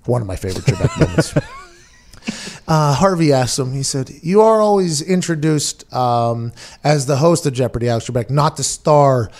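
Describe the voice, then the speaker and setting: A man's voice: medium pitch, moderate pace. A man hosting a sports talk show in casual, joking chat. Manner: joking, animated, hamming it up.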